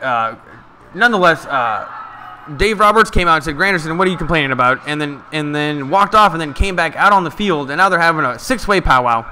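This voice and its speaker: A man giving casual, excited live play-by-play of a ball game from a stream, chatting to his viewers. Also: a little high, slight background noise.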